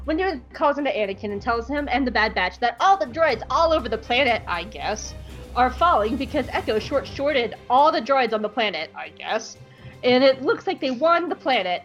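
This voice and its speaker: A woman's voice: on the high side, very animated, normal speed, fairly bright tone, highs cut off, soft background music. A woman co-hosting a podcast, giggling and joking through a casual episode recap. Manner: giggly, jokey, doing voices. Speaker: podcast co-host.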